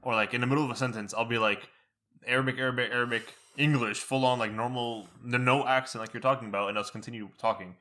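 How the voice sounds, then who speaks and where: A young man co-hosting a podcast, telling stories in casual chat and laughing between asides. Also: mid-range voice. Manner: laughing, animated storytelling with quick asides. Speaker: podcast co-host.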